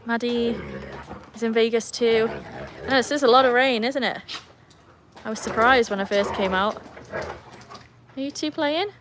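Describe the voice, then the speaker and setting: An English-accented woman with a fairly high, fairly even voice hosts a casual livestream from beside a backyard pool in the rain, chatting with viewers and talking to her dogs at a moderate pace. She's recorded on a phone, with faint rain, outdoor ambience and background noise audible.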